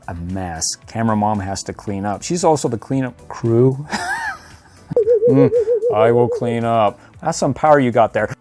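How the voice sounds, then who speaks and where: A man's voice: lowish voice, warm tone. A man hosting a casual toy review video, playful and ad-libbing, laughing often. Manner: playful, laughs often, ad-libs silly voices.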